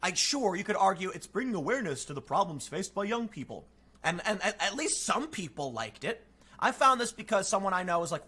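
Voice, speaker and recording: A young man on a stream rants in casual commentary, animated and sarcastic. His voice sits high and bright, and his pitch swings all over as he mocks what he is reacting to. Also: a little fast. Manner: animated and sarcastic, with frequent mocking quotes.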